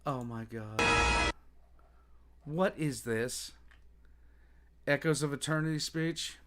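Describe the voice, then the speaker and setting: A man's voice: medium pitch, takes it slowly, very noisy. A man hosting a casual reaction livestream, exclaiming a lot and chatting with viewers.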